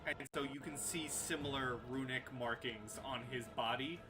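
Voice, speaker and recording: A man narrating a tabletop game as its game master, pacing his descriptions steadily. His voice sits at a middling pitch. Clear music runs under his voice. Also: moderate pace, sharp tone.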